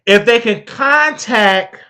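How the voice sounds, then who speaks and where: Bright-voiced man in a heated rant. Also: very high voice, slow, smooth. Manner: heated, theatrical, stammering outrage; addresses a sidekick and the audience. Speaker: show host. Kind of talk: comedic commentary rant.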